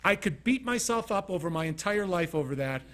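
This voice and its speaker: A little quick and high-voiced, the Utah-based motivational speaker addresses a small studio audience informally. He animates his stories and repeatedly asks those listening pointed, direct questions.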